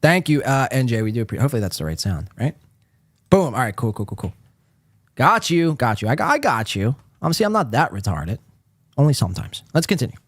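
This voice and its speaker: A man's voice: medium pitch, sing-song, brisk, fairly bright tone, dry recording, studio quality. A man hosting a podcast, giving sarcastic, profane commentary on clips in a rambling casual way. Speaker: podcast host reacting to clips.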